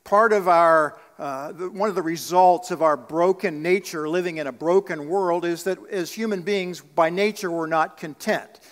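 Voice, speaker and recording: A man's voice: high voice, normal speed, hardly any pauses. A man preaching a sermon as pastor, earnest, asking the congregation rhetorical questions. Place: church sanctuary. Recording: long reverb of a church sanctuary.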